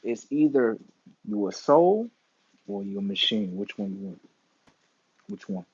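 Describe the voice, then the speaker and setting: A young man, hosting a casual livestream monologue, animated and full of slang, swinging between loud bursts and mumbles. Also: fairly low pitch, a little slow, breathy edge, lo-fi sound. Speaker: livestream host.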